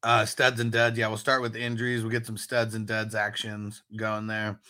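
A man's voice: on the low side, completely flat delivery, normal speed, pushed and bright. A man co-hosting a casual fantasy football show, reading out viewer comments and joking about them. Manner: joking, reads out chat comments. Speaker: co-host. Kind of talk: casual podcast chat.

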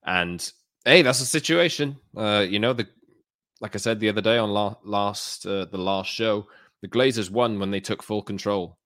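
A deep-voiced man co-hosts a football podcast, easing through his points in a measured, unhurried way. The sound is close and dry, with no room around him. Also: a bit bright, no echo. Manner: measured, with fillers and restarts. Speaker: podcast co-host. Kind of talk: casual football chat.

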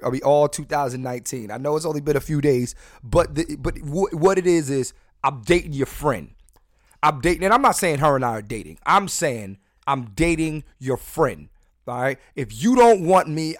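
A man's voice: medium pitch, normal speed, dry recording, clean studio sound. A man hosting a casual podcast, brash and profane, rambling and restarting his sentences as he tells stories. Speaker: podcast host.

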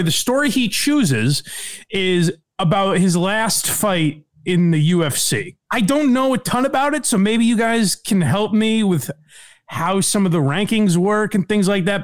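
A man's voice: high-pitched, no room sound. A man co-hosting a comedy podcast, chatting casually and laughing often. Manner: laughs often, fast riffing commentary. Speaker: podcast co-host.

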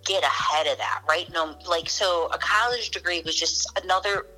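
A woman's voice: on the low side, moderate pace, soft background music, low-quality recording. A middle-aged woman comedian from Chicago, telling stories in casual podcast chat, acting out quotes and swearing freely. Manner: animated storyteller, acts out quotes, swears freely.

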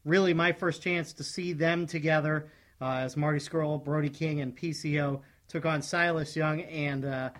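This man co-hosts a wrestling podcast, talking at a normal speed in a slightly high voice. His chat is relaxed and opinionated, with firm views and lots of restarted sentences.

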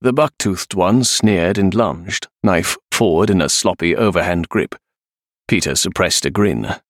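A man reading an adventure novel aloud with a deep, gravelly voice. His storytelling rises and falls with lively expression, and the recording is close and dry with no room echo. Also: unhurried. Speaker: audiobook narrator. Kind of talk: scripted narration.

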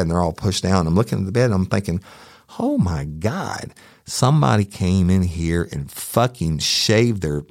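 A man hosting a true crime podcast, telling a personal story in a profane, animated way. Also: low voice, no room sound, clean studio sound. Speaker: podcast host.

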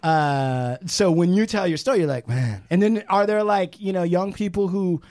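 A man's voice: sits high, moderate pace, darkish tone, dry recording. A man hosting a podcast interview who asks probing questions and jokes around. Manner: probing, joking, swears casually. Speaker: podcast host. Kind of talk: casual interview.

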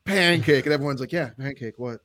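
A man's voice: on the high side, expressive, fast, no echo, studio quality. A man co-hosting a casual podcast, laid-back, telling stories and swearing casually. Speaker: podcast co-host. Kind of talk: casual chat.

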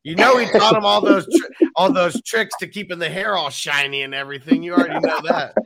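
A man's voice: high voice, fairly quick, creaky, a crowd in the background. A man on a sports panel telling a story in an easygoing way. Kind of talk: casual sports chat.

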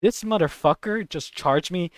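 A young woman co-hosting a podcast, telling a story in a casual, animated way, swearing and acting out voices. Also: fairly low pitch, normal speed, no room sound, studio quality. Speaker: podcast co-host.

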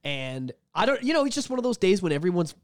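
A man's voice: sits high, fast talker, no echo, clean studio sound. A man in his thirties, co-hosting a podcast and telling stories with lots of swearing and put-on voices. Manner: profane, animated storytelling with put-on voices. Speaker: podcast co-host. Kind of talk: casual chat.

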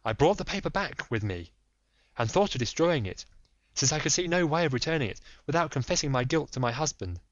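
A man reading the part of a frightened young noblewoman confessing a secret, in a measured, earnest voice. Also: on the high side, big pitch swings, no room sound. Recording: dull dry recording.

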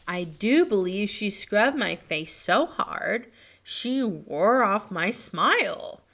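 Woman voicing a gentle rag doll girl. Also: mid-range voice, expressive, takes it slowly. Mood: wistful.

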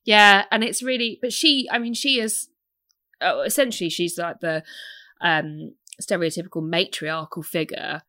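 A young woman co-hosting a casual podcast chat, animated and swearing freely. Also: fairly low pitch, no echo, studio quality. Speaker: podcast co-host.

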